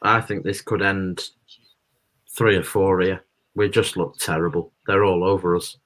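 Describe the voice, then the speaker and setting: Gloomy low-voiced man on a football stream. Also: fairly even intonation, measured pace, fairly bright tone. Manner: gloomy and blunt. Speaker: football fan co-host. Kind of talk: casual live watchalong chat.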